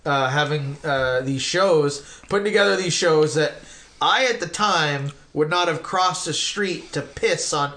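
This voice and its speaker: A middle-aged man hosts a loose, conversational interview. He tells long, rambling stories with lots of fillers and the odd swear word, and his voice sits a little high for a man. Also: unhurried. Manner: rambling, animated storytelling with profanity. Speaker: podcast host.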